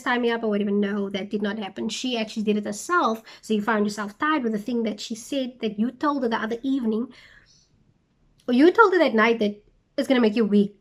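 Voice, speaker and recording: A young woman retelling a Bible story for her channel, with chatty, incredulous asides. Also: on the high side.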